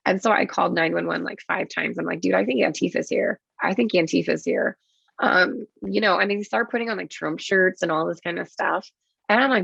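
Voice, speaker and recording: A woman nurse tells a story on a podcast with a low, rough, gravelly voice. She swears often and acts out what she said in each moment. The audio is dull and lo-fi with no room sound. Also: fairly bright tone, dry recording. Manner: swearing, quick and vivid, acts out her own quotes. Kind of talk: casual storytelling interview.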